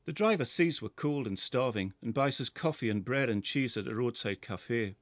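A middle-aged man with a Geordie accent, reading a first-person story in a measured, lyrical way. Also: mid-range voice, expressive, no room sound. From North East England. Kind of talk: scripted first-person narration.

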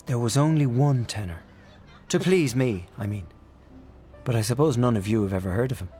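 A man's voice: mid-range voice, lively intonation, normal speed, mellow, soft background music, lightly acted. A man voicing a proud, enthusiastic elderly aunt in a raised, fluttery voice in a storybook reading. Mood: wistful. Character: elderly aunt, proud and fond of old singers.

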